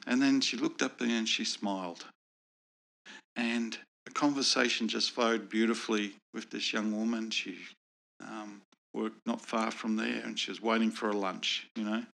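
A man with a gravelly low voice, telling a personal faith story to an interviewer. His tone is earnest and reflective, with a bright, forward edge to his voice. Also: fairly even intonation, moderate pace. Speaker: guest sharing personal testimony.

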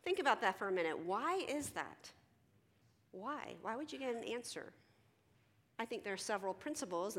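Counselor speaking in a big hall. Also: female voice, medium pitch. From Philadelphia. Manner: animated, conversational, acts out teens and herself in quoted dialogue. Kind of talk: conference talk to an audience. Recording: long hall reverb.

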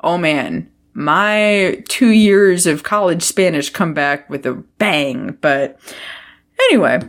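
A woman's voice: on the low side, slow. Tipsy, rambling woman podcast host. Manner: rambling, swearing, laughing often. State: tipsy from drinking. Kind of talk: casual chat.

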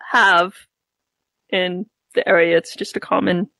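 A woman's voice: fairly low pitch, level tone, a little slow, gravelly, sharp tone, no room sound. A woman playing a tabletop game, talking casually with lots of stammering restarts.

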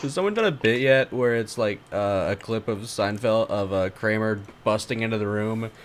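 A man's voice: fairly low pitch, normal speed, a little hiss or hum. A man in casual comedy chat, riffing on bits and laughing often.

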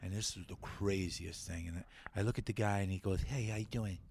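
A middle-aged man, a guest on a talk show, telling a long story in a lively way, swearing freely and acting out the other people in it. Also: deep voice, brisk, vocal fry, a little hiss or hum. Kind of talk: animated storytelling.

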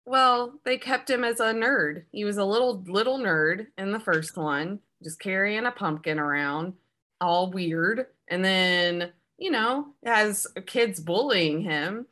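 A woman co-hosting a podcast, riffing playfully and deadpan through a casual comedic film review. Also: mid-range voice, slow. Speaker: podcast co-host.

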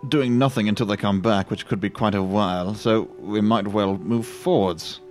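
A man's voice: on the low side, normal speed, faint music behind. A man playing a tabletop game, speaking in character in a wordy, fussy, slightly pompous way. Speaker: player.

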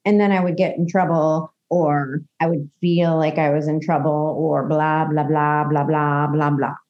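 A woman's voice: low voice, fairly even intonation, normal speed, muffled recording. A woman co-hosting a podcast about recovery, talking candidly and animatedly in casual chat. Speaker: podcast co-host.

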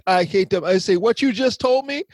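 Male co-host, high lively voice, husky, playful chatter. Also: fairly quick, no echo, studio quality. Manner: laughs often, playful interjections. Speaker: podcast co-host. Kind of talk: casual political chat.

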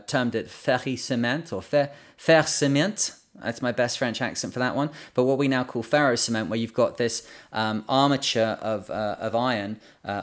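A man holds forth alone on his podcast in a relaxed, wandering way. He sits at an ordinary middle pitch, stopping often for ums and uhs and circling back on his own sentences as he thinks aloud. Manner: rambling and conversational, with many fillers and restarts. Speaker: podcast host. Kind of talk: solo educational podcast talk.

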